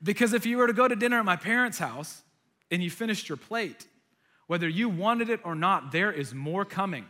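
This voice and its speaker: A young American man preaching a sermon, telling stories with animated delivery and acting out voices. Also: high voice, normal speed. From United States. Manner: animated storytelling, acts out voices. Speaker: pastor.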